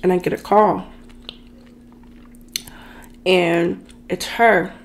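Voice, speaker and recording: A woman's voice: fairly low pitch, steady tone, drawn-out words. A woman vlogger telling a dramatic personal story in a chatty, ranting way, talking straight to her viewers. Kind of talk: casual storytime rant.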